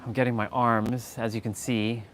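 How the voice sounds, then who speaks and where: A man's voice: mid-range voice, little pitch movement, normal speed, a bit bright, slight background noise. Playful rambling Southern American man. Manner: playful, rambling, talks to chat, laughs often. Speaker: live streamer. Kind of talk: casual live stream chat.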